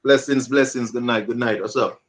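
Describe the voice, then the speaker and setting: A man appearing as a guest artist, greeting the host in a relaxed, friendly way in a casual interview. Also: medium pitch, fairly quick.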